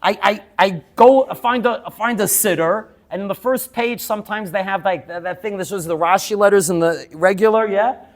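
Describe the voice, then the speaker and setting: A male teacher lecturing students. He tells lively stories, laughs as he goes and keeps checking in with "yes?". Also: high voice, normal speed, hardly any pauses. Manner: laughs while telling stories.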